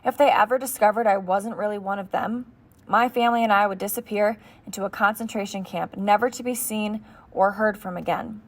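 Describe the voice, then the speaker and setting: A woman's voice: medium pitch, fairly even intonation, brisk. A woman narrating an audiobook steadily in the first person as a boy.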